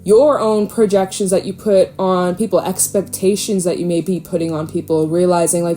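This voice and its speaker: A woman giving a casual, animated tarot reading, swearing freely and laughing often. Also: lowish voice, moderate pace, few pauses, faint music behind. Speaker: tarot reader.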